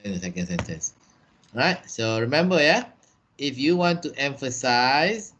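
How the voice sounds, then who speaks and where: A man's voice: medium pitch, sing-song, fairly bright tone. A man with a Malaysian English accent teaching a business writing class over a video call, repeating points and checking that students follow. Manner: slow, repetitive, checks understanding with "okay" and "eh". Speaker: trainer.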